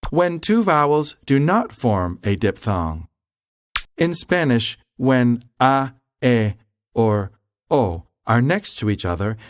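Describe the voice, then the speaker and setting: Man, language lesson narration, measured explanations, lively pitch, dry close sound. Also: no room sound. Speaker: language instructor. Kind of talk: scripted instructional narration.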